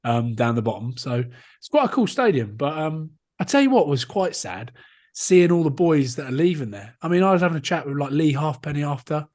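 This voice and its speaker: A man's voice: on the high side, very animated, fairly quick, darkish tone. A man in his thirties, a rugby player co-hosting a podcast, telling jokey self-mocking stories in casual chat.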